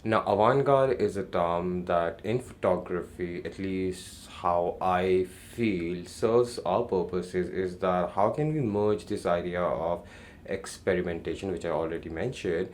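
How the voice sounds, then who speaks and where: A man's voice: deep voice, a little slow, a little hiss or hum. A man giving a classroom lecture, thinking aloud with many fillers and restarts.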